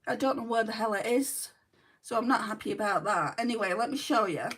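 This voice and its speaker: A woman's voice: a little high, brisk, a bit bright, breathy edge, recorded from a distance. A woman with a Lancashire accent chatting candidly through a makeup livestream, rambling with frequent ums and reading out viewer comments. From Lancashire, England. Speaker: beauty vlogger. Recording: voice set back from the mic.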